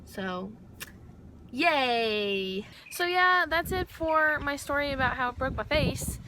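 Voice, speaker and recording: A woman's voice: sits high, slow. A young woman from Texas telling a story in a casual vlog, chatty and full of filler words, her speech a little slurred from a numbed mouth. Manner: chatty, animated quotes, many "like" fillers. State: mouth numb, slightly slurred. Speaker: vlogger. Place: outdoors. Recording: outdoor traffic noise behind. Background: passing cars.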